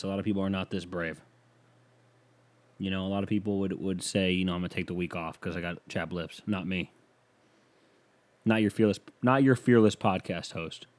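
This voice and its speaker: A man's voice: fairly low pitch, darkish tone. A young man hosting a comedy podcast, telling rambling, self-mocking stories into a microphone. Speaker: podcast host. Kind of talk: comedic solo podcast monologue. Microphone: studio microphone.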